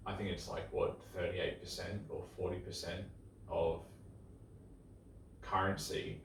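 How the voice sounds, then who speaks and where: Deep-voiced blunt man in an echoey room. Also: far from the mic. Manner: blunt, agreeing backchannels. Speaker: podcast co-host. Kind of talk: casual chat. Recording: echoey room, off-mic, faint noise.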